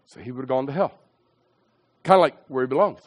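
A man's voice: medium pitch, fast. A middle-aged man preaching his personal testimony, emphatic and repetitive as he tells his story.

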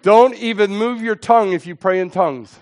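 A middle-aged man from southeastern Pennsylvania, an evangelist telling a testimony in a sermon, animated and dramatic, swinging from hushed asides to shouting. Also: sits high, brisk. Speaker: evangelist preacher.

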